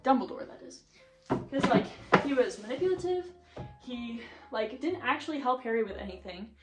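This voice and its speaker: Rearranging her bookshelf at home, a young woman vlogger rants in a chatty, opinionated way, leaning heavily on "like." Her voice is on the high side, with lively intonation and a moderate pace. Her casual chat carries a roomy echo, and faint music plays in the background.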